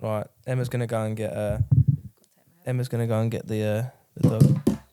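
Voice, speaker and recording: A man's voice: lowish voice, flat delivery, fairly quick, very noisy. A man co-hosting a casual chat, jokey and rambling, sometimes cooing at his dog. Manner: jokey, rambling, talks baby-talk to the dog. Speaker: podcast co-host.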